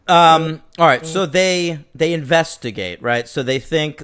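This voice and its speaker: A man co-hosting a film review podcast, animated and profane, acting out lines as he chats. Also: fairly high pitch, unhurried, few pauses, clear, resonant tone. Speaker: podcast co-host. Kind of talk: casual film review chat.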